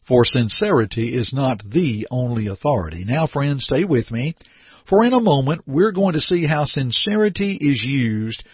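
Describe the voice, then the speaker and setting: Animated, husky-voiced radio preacher. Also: male voice, medium pitch, no room sound, highs cut off. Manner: earnest, animated preaching with acted-out little scenes. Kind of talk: radio sermon.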